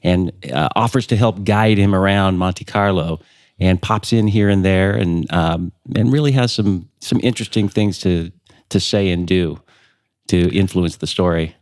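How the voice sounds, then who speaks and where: A man, an actor guest, describing his role in a measured, slightly hesitant way. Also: low-pitched, a little mellow, no echo, clean studio sound. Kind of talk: casual interview chat.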